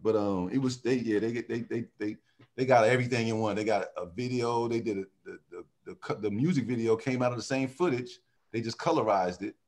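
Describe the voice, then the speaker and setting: A man who sings in a vocal group, telling animated stories in a casual interview and often laughing. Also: medium pitch, fairly quick. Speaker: singer in a vocal group, guest.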